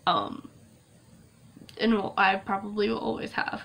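A woman's voice: mid-range voice, fairly even intonation, measured pace, gravelly, fairly bright tone, slight background noise. A young woman vlogging to camera in a casual, gushing way, laughing often and tearing up. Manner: emotional, gushing, laughs often, many fillers. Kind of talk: casual vlog talk to camera.

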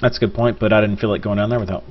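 Relaxed Southern US male caster, low voice, muffled live-stream sound. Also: racing, crowd noise. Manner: relaxed, musing, clears throat often. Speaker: game tournament commentator. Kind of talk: live game commentary. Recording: lo-fi live stream with faint hiss.

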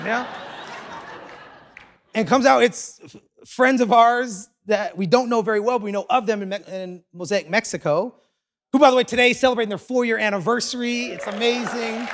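Animated male pastor telling a story. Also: sits high, slight background noise. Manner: animated, self-deprecating humor with quick asides. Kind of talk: sermon with personal storytelling. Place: large church auditorium.

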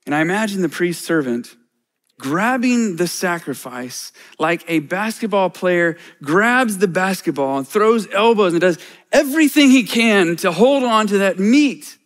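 A man's voice: high voice, animated, unhurried. A middle-aged man, a church elder, preaching a sermon in a conversational way with self-deprecating humor.

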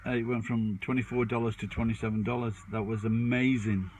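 A man's voice: mid-range voice, flat delivery, fairly quick, a little mellow, a little hiss or hum, rough recording. A man in his fifties chatting casually to camera as a vlogger, rambling with restarts and poking fun at himself. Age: 50s. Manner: rambling, with frequent restarts and fillers.

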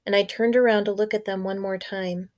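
A woman's voice: mid-range voice, fairly quick. Woman teacher reading aloud. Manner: clear, expressive storytelling. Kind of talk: read-aloud narration of a children's novel.

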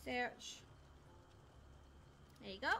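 A woman's voice: extremely slow, noisy background. A woman streaming a game live, chatting casually with viewers and friends, laughing often and a little scattered. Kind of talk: casual live-stream chat while gaming.

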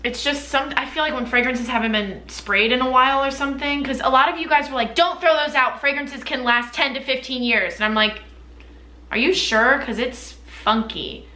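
A woman's voice: high-pitched, moderate pace, pushed and bright, reverberant. A young woman chatting casually and candidly about her perfumes for a vlog, full of fillers. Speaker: beauty vlogger. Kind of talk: casual chat.

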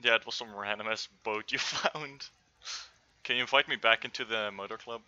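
A man's voice: lowish voice, normal speed, sharp tone. A young man joking and laughing over voice chat while playing a game. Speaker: gamer. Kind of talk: casual gaming chat. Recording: dull lo-fi voice chat.

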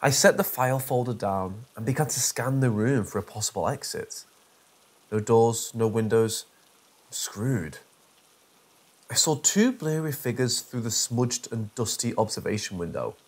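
A man reading a horror story aloud in the first person, with a husky voice and lively, animated pitch. His delivery is dry and sarcastic. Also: moderate pace. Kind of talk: scripted first-person narration.

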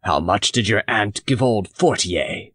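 A male audiobook reader voicing a blustering, hearty farmer who lectures with loud emphasis. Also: on the low side, expressive, unhurried, no room sound, studio quality. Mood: emphatic.

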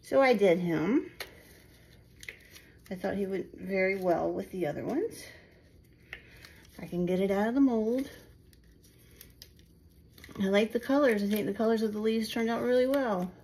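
Her mid-range voice is a little mellow, measured in pace and often broken by pauses, as she chats self-deprecatingly to viewers during a resin craft project at her home table. The phone camera recording has poor audio and slight background noise.

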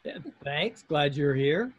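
A man's voice: fairly high pitch, expressive, slow pace, husky. Friendly man hosting a video call. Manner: friendly, talks in restarts. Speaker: host. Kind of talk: casual video call chat.

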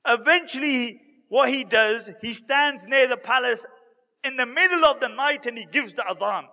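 Male preacher, storytelling sermon, high voice, long hall echo. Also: normal speed, bright, forceful tone. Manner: dramatic storyteller acting out quoted speakers. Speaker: Islamic preacher. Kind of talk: storytelling sermon to a live audience.

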